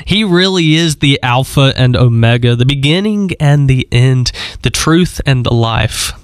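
A man hosting Christian radio, talking in a gentle, encouraging, personal way between songs. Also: mid-range voice, expressive, measured pace, clean tone, no room sound, clean studio sound. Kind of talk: devotional radio talk.

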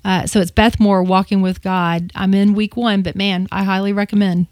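A woman's voice: medium pitch, little pitch movement, normal speed, darkish tone, dry recording. A woman co-hosting a morning radio show in a studio, talking eagerly in casual chat with lots of restarts. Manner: eager, chatty, full of restarts and "you know".

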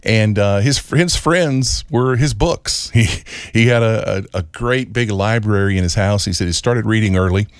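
A man's voice: lowish voice, normal speed, no room sound. A man hosting a radio show, telling a folksy story with chuckles and small restarts. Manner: folksy, chuckling, repeats words. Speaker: radio host.

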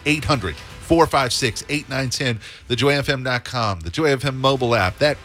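An upbeat male radio host pitches a listener pledge drive in a persuasive tone. His voice is mid-pitched for a man, with faint music in the background. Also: moderate pace, fairly bright tone. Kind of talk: on-air fundraising appeal.

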